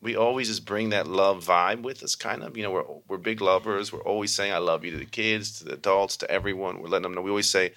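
Brief: quick, low-pitched man, bright tone, lively storyteller who mimics others. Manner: animated, acts out quoted voices in high pitch. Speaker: community meditation teacher. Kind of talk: casual storytelling interview.

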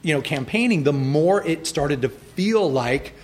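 A middle-aged man chatting as a guest in an interview, animated and acting out quoted lines with laughter. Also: a little high, unhurried. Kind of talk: casual interview chat.

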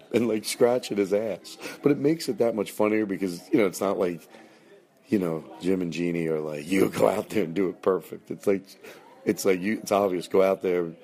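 A man with a very deep voice talks loosely as a podcast host. He rambles, stops himself mid-sentence and drops casual swears. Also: warm tone.

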